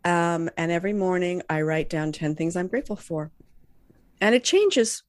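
A woman's voice: lowish voice, expressive, normal speed, no echo. A woman co-hosting a casual chat, talking reflectively and with self-mocking humor. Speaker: podcast co-host.

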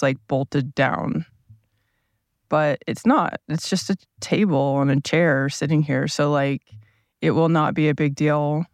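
A groggy-voiced man records a solo podcast in the morning from a table in a parked RV, rambling at an easy pace and second-guessing himself. He speaks with a fairly high pitch and vocal fry; the sound is clean and studio-like with no echo, via a small tablet-powered plug-in mic.

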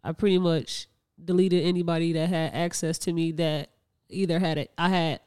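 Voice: medium pitch, level tone, moderate pace, a little mellow, smooth. A young adult podcast co-host in casual chat, telling stories with frequent laughs and mid-sentence restarts.

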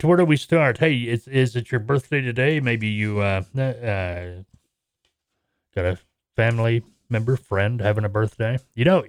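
A man's voice: fairly low pitch, no room sound, clean studio sound. A middle-aged American man hosting a casual podcast, chatty and jokey, rambling along with laughs. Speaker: podcast host.

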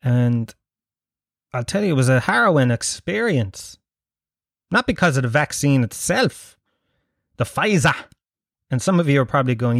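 A Dublin man in his thirties hosts a casual solo podcast from his sitting room, rambling, swearing and mocking himself. His mid-range voice is expressive and creaky, at a moderate pace with frequent pauses. The studio-quality recording has no room sound.

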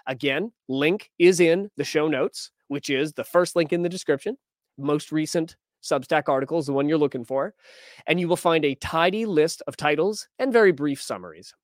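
A man's voice: a little high, normal speed, no echo, clean studio sound. A man hosting a news podcast, talking casually and wryly as he reads and reacts to headlines and posts. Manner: conversational, wry, reads quotes aloud.

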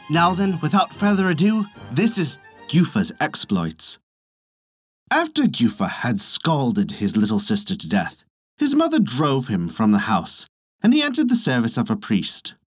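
Animated, husky folktale storyteller. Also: medium pitch, dry recording, clean studio sound. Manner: animated, sweeping storyteller delivery. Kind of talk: scripted folktale narration.

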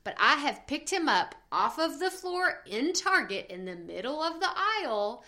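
Mom of three chatting away, brightish higher voice, lots of "like" and "okay?". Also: female voice, unhurried. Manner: chatty, animated storytelling with many "like"s and "okay?". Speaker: podcast host. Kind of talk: casual chat.

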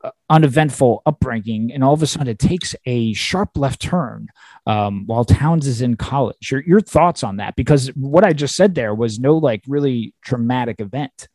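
A man's voice: medium pitch, lively intonation, moderate pace, a little mellow, no room sound. A man hosting a podcast, upbeat and chatty, laughing often. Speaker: podcast host. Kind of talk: casual podcast chat.

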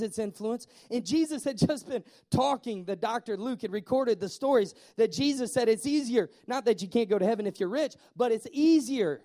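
Male pastor, high mellow voice, animated storytelling sermon.

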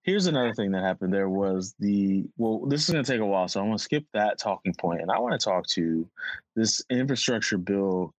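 A man's voice: lowish voice, expressive, fairly quick, no room sound. A man co-hosting a casual podcast roundtable, joking around and riffing off topic. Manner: goofy, jokey, riffs and goes off topic. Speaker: podcast co-host.

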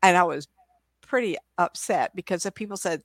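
Older woman, psychic guest, lowish voice, chatty storytelling, frequent laughs, video call from home, dry sound. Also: moderate pace, no echo. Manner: animated, chatty, laughs often, many restarts. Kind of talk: casual interview storytelling.

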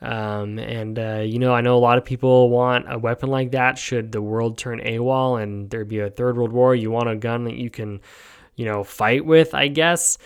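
A man's voice: mid-range voice, steady tone, normal speed, clear, resonant tone. A man from New York hosting a solo podcast, talking casually with many ums and restarts while yawning and sleepy. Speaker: podcast host.

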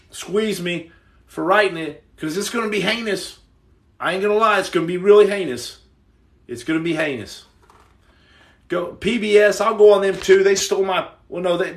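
A man hosting a casual livestream, reading viewer comments, joking loudly in slang and turning soft and earnest. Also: high voice, echoey room, distant mic. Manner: boisterous, jokey, slangy, swings to soft earnest. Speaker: livestream host.

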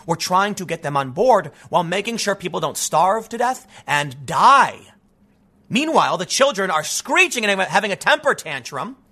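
A man's voice: sits high, sing-song, normal speed, pushed and bright. A man giving combative political commentary, talking emphatically with casual asides. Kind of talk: ranting commentary.

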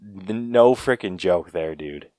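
A man with a low, deep voice talks slowly and unhurriedly in relaxed podcast banter. He reads trivia aloud and swears casually. The sound is dry and close, with no room echo. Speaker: podcast co-host. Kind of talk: casual movie chat.

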